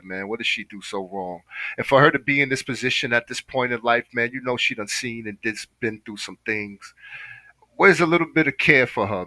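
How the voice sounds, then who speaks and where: A man hosts a reaction video, giving casual commentary in an impassioned, preachy way and saying "man" constantly. His mid-range voice is sharp in tone, and the low-quality recording has no room sound.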